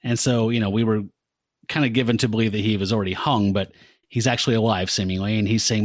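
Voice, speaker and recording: A man co-hosting a podcast, retelling a comic in an animated, casual way with laughs. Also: on the low side, fast, no room sound. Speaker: podcast co-host. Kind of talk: casual comic book discussion.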